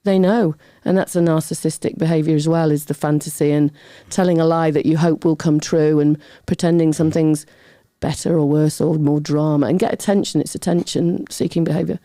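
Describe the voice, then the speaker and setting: A middle-aged woman, a guest on a talk show, telling a personal story in a lively way, often acting out other people's voices and wandering off on tangents. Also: sits low, brisk, few pauses, dry recording, studio quality. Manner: lively, acts out quoted voices, goes off on tangents. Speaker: podcast guest.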